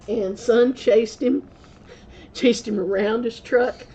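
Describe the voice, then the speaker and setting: A woman's voice: on the high side, steady tone, slow, mellow, dull audio, a little hiss or hum. A woman vlogger telling rambling stories in a casual way, laughing often and correcting herself as she goes. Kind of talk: casual storytelling.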